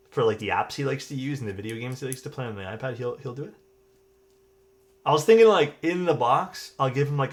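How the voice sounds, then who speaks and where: A man's voice: mid-range voice, gravelly. A young man chatting loosely with viewers while building a keyboard on a live stream, rambling and swearing casually.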